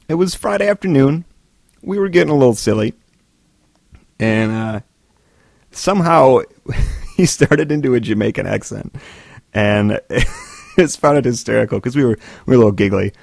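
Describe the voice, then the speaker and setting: Man, podcast host, low gravelly voice, dry close sound, joking and meandering. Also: no room sound. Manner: self-deprecating, joking, meandering. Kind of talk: rambling solo podcast monologue.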